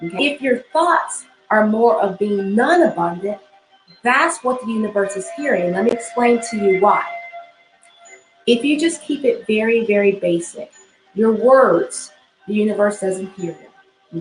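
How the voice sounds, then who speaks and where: A woman's voice: medium pitch, moderate pace, roomy sound, soft background music, rough recording. A woman spiritual teacher giving an instructional talk, often repeating phrases and checking in with "okay?".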